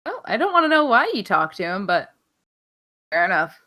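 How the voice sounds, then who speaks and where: A woman's voice: mid-range voice, big pitch swings, moderate pace, sharp tone. A young woman co-hosting a wrestling podcast, casual, playful and sarcastic, swearing freely. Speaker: podcast co-host. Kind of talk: casual chat.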